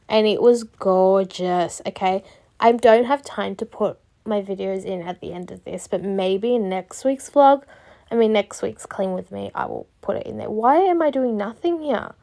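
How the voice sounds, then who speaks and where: A woman's voice: mid-range voice, moderate pace, gravelly, warm tone. A young woman chatting casually over her cleaning vlog, rambling and poking fun at herself. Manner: chatty and self-mocking, drifts off topic. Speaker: cleaning vlogger.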